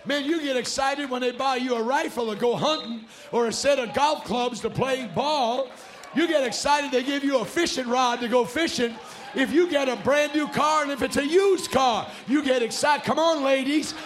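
A man, a pastor preaching a fiery revival sermon in a church, shouting and calling out hallelujah. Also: extremely high pitch, moderate pace. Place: church sanctuary.

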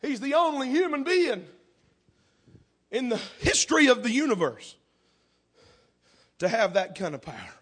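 A man's voice: very high voice, sing-song, a little slow, pauses often, a bit bright, breathy edge. A man preaching a sermon at a church service, impassioned and repeating words as he builds.

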